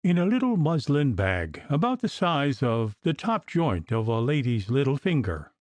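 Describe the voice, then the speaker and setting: A plump, timid apothecary with a pronounced lisp, pitched high and pleading, performed by a man reading the tale. His voice wobbles up and down as he frets, and the recording is dry and close. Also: sing-song, moderate pace, a little mellow, no echo, close to an everyday voice. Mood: prim. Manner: pleading, flustered, high-strung.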